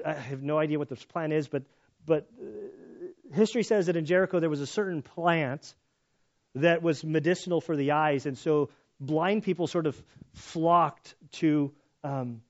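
A pastor with a fairly high voice, its highs cut off, teaches through a Bible passage casually and conversationally, acting out the voices in the story as he goes.

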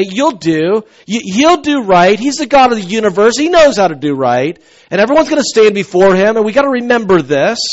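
A man preaching a conversational sermon, telling stories with swings from soft asides to loud outbursts. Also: medium pitch. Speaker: pastor. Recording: dull lo-fi recording.

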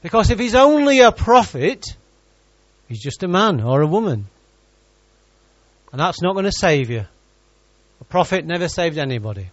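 A man's voice: sits high, sing-song, moderate pace, long pauses, no echo, lo-fi sound. A man preaching a sermon in church, reading scripture and joking with the congregation.

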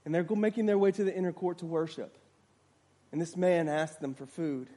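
A man's voice: on the high side, fairly quick, mellow. A man preaching a sermon, retelling a story dramatically and acting out the voices of its people.

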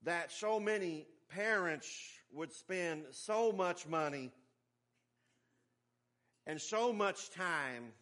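A man's voice: sits high, lively intonation, extremely slow, pauses often, fairly bright tone. A middle-aged man preaching a sermon in a folksy, emphatic way, with humorous asides. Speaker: pastor.

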